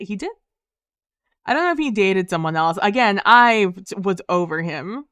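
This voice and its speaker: A woman livestreaming, telling a story to her chat in a casual way. She swears freely, talks in quick, heated bursts and fills her talk with "um" and "like". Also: medium pitch, fairly bright tone, clear, resonant tone, no room sound, studio quality. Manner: frequent fillers like "um" and "like".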